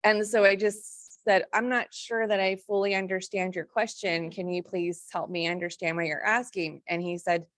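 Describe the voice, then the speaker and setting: A woman's voice: medium pitch, fairly even intonation, normal speed, few pauses, a bit bright, no echo, clean studio sound. A woman speaking as a faculty fellow on a panel, in a conversational way with many fillers and self-corrections.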